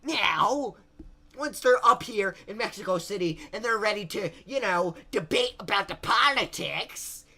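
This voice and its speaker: A man's voice: high-pitched, lively intonation, unhurried, creaky, sharp tone, breathy edge. A young man narrating history as a crude, rambling comedy bit, mocking and swearing as he goes. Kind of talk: comic history explainer.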